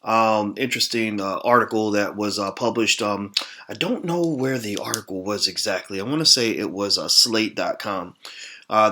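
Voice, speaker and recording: Speaking with a fairly low pitch and a bright, forceful tone, this American host chats loosely to camera on his channel. He wanders through his thoughts, restarting often and filling gaps with "uh" and "um."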